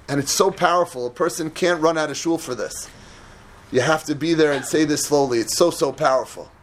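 A man playing a rabbi delivers a dramatic, sermon-style Torah lecture. His voice swings between hushed low tones and impassioned shouting.

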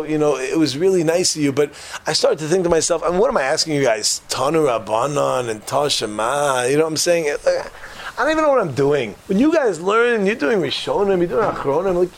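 A man voicing a gravely ill, humble man who pleads as his voice climbs in distress. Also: on the high side.

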